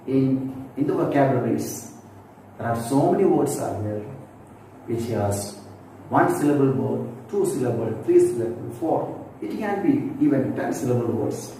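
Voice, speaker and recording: A man with a fairly high but mellow voice gives a phonetics lesson, explaining slowly and circling back to repeat his points. He sits at a distance from the mic in a strongly echoing room, with a faint hiss underneath. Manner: slow, repetitive explaining with many asides. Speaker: phonetics teacher.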